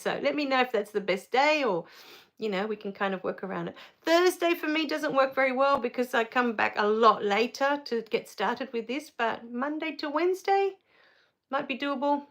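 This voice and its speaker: A woman's voice: a little high, normal speed. A middle-aged woman hosting a live stream, chatting casually as she reads viewer comments, easily moved to tears. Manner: relaxed with frequent fillers.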